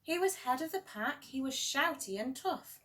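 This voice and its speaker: A woman teacher reading a rhyming picture book aloud in a gentle, sing-song storytelling way with playful emphasis. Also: high voice, animated, normal speed.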